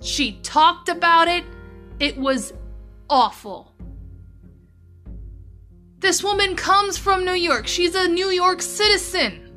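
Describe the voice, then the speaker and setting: A woman's voice: very high voice, animated, slow, pauses often, sharp tone, faint music behind. A woman hosting a news commentary podcast, reading stories and breaking into heated, profane rants. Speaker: podcast host.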